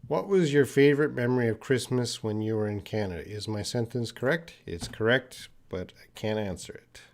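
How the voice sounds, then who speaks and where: A man teaching English on a live stream, answering viewer questions and explaining with many pauses and fillers. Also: mid-range voice.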